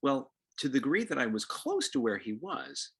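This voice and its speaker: A man giving a lively talk on parenting, animated, acting out quotes and often repeating words. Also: mid-range voice, moderate pace, slightly rough. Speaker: co-presenter on parenting.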